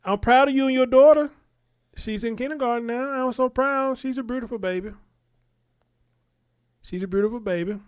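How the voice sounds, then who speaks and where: A man's voice: very high voice, normal speed, long pauses, smooth. A man, rambling in casual live-stream commentary and talking straight to his viewers. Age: 40s.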